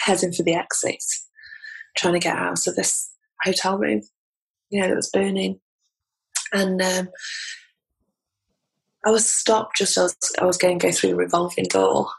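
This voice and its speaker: A woman's voice: on the low side, gravelly, breathy edge, rough recording. A woman with an English accent, a podcast guest telling a personal story in a candid, heartfelt way. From England. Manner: candid, heartfelt, laughs between lines. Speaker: podcast guest, transformation coach.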